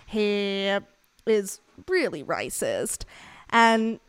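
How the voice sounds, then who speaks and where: A young Australian woman telling frank, animated stories in a casual podcast chat. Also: medium pitch, extremely slow, smooth, dry recording. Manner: frank, animated storytelling with laughs. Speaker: podcast co-host.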